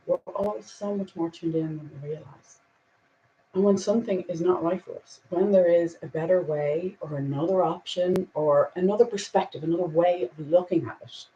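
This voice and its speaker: A woman hosting a casual spiritual talk and reading angel cards, earnest and reflective, with soft laughs and a little emotion. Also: lowish voice, moderate pace, highs cut off, slight background noise.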